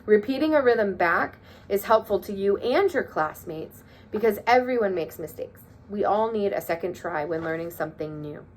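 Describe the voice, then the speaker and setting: A woman's voice: medium pitch, lively intonation, normal speed. A woman teaching a music lesson to children, encouraging them and counting rhythms aloud.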